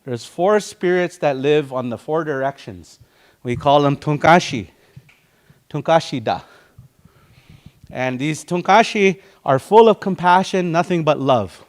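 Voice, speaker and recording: With an expressive, slightly high voice and an unhurried pace, a man speaking Dakota community English teaches language and culture, going word by word and acting out short quotes.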